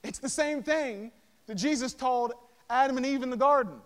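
A pastor preaching a sermon, firing rhetorical questions and casual asides with emphatic delivery. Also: male voice, very high voice, moderate pace, clear, resonant tone. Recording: long reverb of a large hall.

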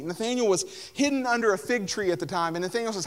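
High-voiced man preaching a casual sermon. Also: fast talker, a bit bright. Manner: conversational, lots of "like", acts out voices of Bible figures. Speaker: pastor.

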